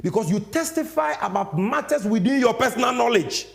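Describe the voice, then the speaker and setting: A Ghanaian man with a high voice, talking in emphatic political commentary. His pitch swings widely, rising into sing-song stresses as he slips between English and Twi. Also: lively intonation, fairly quick, vocal fry. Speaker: political show host. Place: studio.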